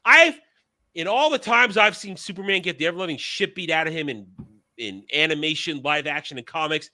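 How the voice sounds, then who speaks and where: A man's voice: on the high side, expressive, brisk, pushed and bright. A man hosting a casual podcast discussion, talking in a blunt, profane, ranting manner. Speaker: show host.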